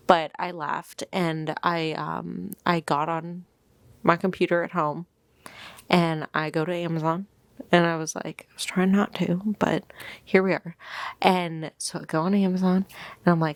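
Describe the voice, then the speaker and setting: A woman's voice: fairly low pitch, a little slow, dry recording. A young woman vlogging at home, telling a chatty story about getting a book and acting out the people in it. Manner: animated, acts out quotes, gushing. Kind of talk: casual chatty storytelling vlog. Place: home, indoors. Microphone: clip-on mic on her shirt.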